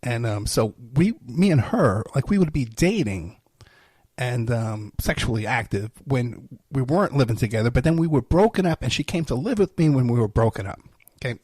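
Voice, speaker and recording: A man's voice: mid-range voice, lively intonation, normal speed, a little mellow, breathy edge, no echo. A man hosting a podcast, telling a personal story in a rambling casual way with many fillers. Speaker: podcast host.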